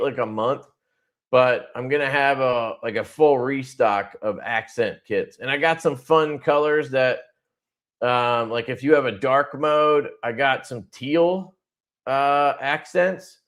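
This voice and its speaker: Rambling, swearing man on a livestream. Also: medium pitch. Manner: rambling, profane, laughs often. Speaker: livestream host. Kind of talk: casual livestream chat.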